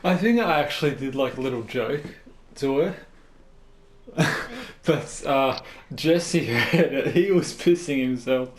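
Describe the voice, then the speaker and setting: A man's voice: mid-range voice, measured pace, slight background noise. A young man casually telling a rambling story over game voice chat, laughing as he goes. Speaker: gamer in party chat. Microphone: headset over voice chat.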